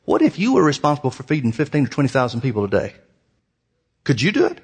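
A man preaching a sermon in a folksy, animated way, full of rhetorical questions. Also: medium pitch, fast, breathy edge.

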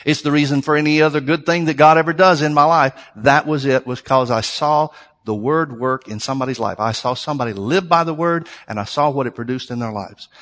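A pastor preaching in a church sanctuary, his voice sitting a little high for a man. He talks in an earnest, conversational way and builds emphasis through repetition. A long reverb trails each phrase through the large hall. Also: fairly bright tone. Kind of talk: sermon.

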